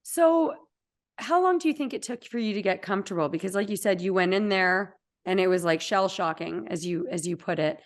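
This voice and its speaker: A woman hosts an interview in an even, mid-pitched voice. She asks questions and keeps murmuring along as her guest speaks. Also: brisk. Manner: warm listener, frequent murmured agreement. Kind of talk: conversational interview.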